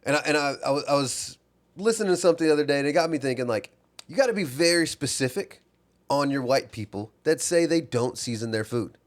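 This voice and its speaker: A man's voice: a little high, expressive, fast talker. A young adult man co-hosting a casual comedy podcast, rambling and correcting himself as he argues his point. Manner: rambling, self-correcting, questioning. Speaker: podcast co-host.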